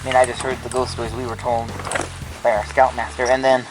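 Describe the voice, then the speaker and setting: A man's voice: mid-range voice, level tone, fast, music in the background, rough recording. A man casually telling a ghost story, rambling with lots of filler words and restarts.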